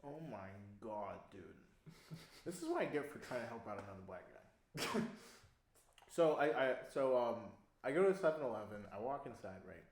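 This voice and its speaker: A young man casually telling a long story on a podcast, animated, laughing often and swearing freely. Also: mid-range voice, moderate pace. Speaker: podcast co-host. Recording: echoey room.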